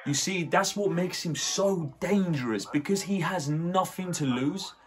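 A young man hosting a casual movie reaction, excitable and swearing, with lots of "like" fillers. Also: high-pitched, a little slow.

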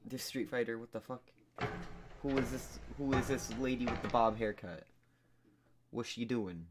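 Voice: medium pitch, fairly even intonation, normal speed. A gamer commentating a puzzle game, rambling, swearing, and muttering and humming to themself. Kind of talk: let's play commentary. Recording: noisy home recording with keyboard clicks.

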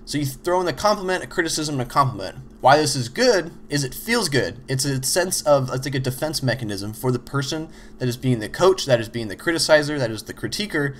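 A man's voice: medium pitch, expressive, fairly quick, few pauses, slight background noise. A man hosting a show, giving a casual instructional talk on teamwork in a loose, conversational way. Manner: loose, conversational, frequent "you know" and "like"; acts out little example dialogues. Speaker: host explaining teamwork.

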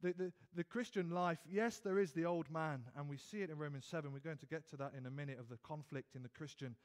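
A British man delivers an earnest evening sermon in a church, his voice sitting a little higher than most men's. He often stumbles over and repeats words, then presses his points with rising emphasis. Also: fast. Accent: British English. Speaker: preacher.

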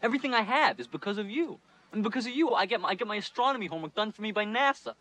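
A young actor playing a resentful, exasperated college-age son in a film comedy. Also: male voice, sits high, lively intonation, very fast, a bit bright. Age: young adult.

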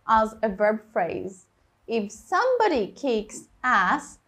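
A woman teaching English vocabulary, explaining words clearly and reading example sentences with stressed key words. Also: fairly high pitch, very animated, slow pace, a bit bright. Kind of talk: slow, clear vocabulary lesson.

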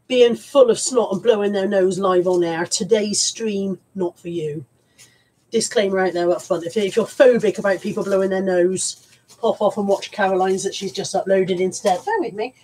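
A woman's voice: medium pitch, darkish tone, slightly rough, poor audio. A woman with a stuffy head cold, chatting in a rambling, self-mocking way on a live stream from home. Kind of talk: casual live-stream chat.

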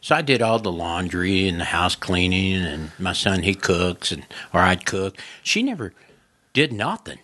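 A man's voice: sing-song, moderate pace. A male comedian telling stories in a casual podcast chat. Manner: loud laughing, does high mocking voices in quotes. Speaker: comedian guest.

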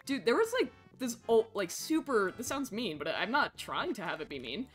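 High, lively excitable woman streamer. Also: moderate pace, faint music behind. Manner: excitable, squeals and gasps at cute animals, swears casually, reads chat aloud. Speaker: Twitch streamer. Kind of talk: casual gaming livestream chat.

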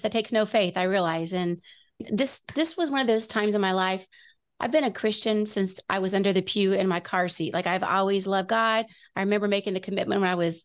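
A middle-aged woman with a gravelly edge in her mid-pitched voice recounts a personal story on a faith talk show. She speaks earnestly and often restarts her sentences as she goes. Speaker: guest.

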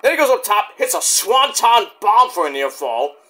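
A man's voice: high voice, sing-song, moderate pace, pushed and bright. A man giving a rambling, jokey wrestling review, swearing freely and joking on the side. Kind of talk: casual spoken review.

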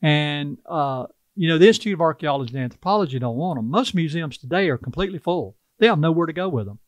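A man's voice: a little high, expressive, fast, no echo. An older man from South Carolina with a Carolina Southern accent, talking in a folksy, earnest way as an interview guest. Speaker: tribal chief, interview guest. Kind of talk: casual interview talk.

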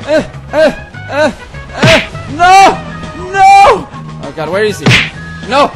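A man commenting as he plays a video game, excitable, yelling, swearing and laughing at it, with game music behind him. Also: very high-pitched, slow, long pauses. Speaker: gaming video host. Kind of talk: live let's-play commentary.

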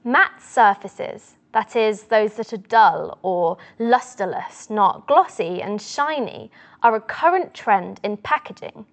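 A woman reading a passage aloud with deliberate emphasis as a demonstration. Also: medium pitch, animated, vocal fry.

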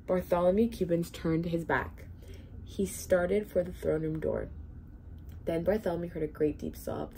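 A woman's voice: fairly low pitch, a little slow, a little hiss or hum. A woman reading a children's storybook aloud expressively as a volunteer reader. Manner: expressive, animated read-aloud.

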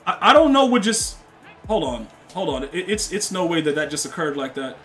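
High-voiced slangy man streaming a game. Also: lively intonation, a little fast, a bit bright, faint music behind. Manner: slangy, rambling, talks to chat and opponents. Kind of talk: casual live-stream chat and trash talk.

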